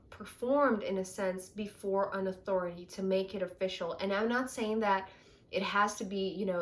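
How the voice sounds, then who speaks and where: Effusive woman reading tarot cards. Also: medium pitch. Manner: chatty, full of "you know" and "right?"; effusive and excitable. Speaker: tarot reader.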